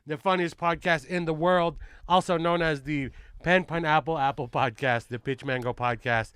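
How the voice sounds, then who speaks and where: A man's voice: a little high, steady tone, normal speed, a bit bright, smooth, no room sound. A man hosting a casual podcast, joking around and swearing in loose banter. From United States. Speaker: podcast host.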